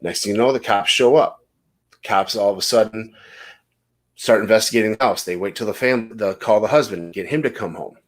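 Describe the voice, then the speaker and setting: A man's voice: lowish voice, brisk. A man hosting a casual podcast, telling rambling stories and swearing freely. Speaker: podcast host.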